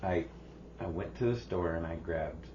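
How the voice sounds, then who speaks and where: A man's voice: sits low, fairly even intonation, normal speed, mellow, muffled recording, a little hiss or hum. A man co-hosting a podcast, telling a rambling home story with frequent restarts and laughter. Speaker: podcast co-host. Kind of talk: casual storytelling chat.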